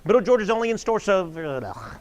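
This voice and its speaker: A middle-aged man with a high-pitched voice hosts a store showcase, chatty and earnest. He talks to viewers in a casual, folksy way and trips over his scripted ad lines. Faint music plays underneath. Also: a little fast. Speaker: store spokesman hosting a showcase show.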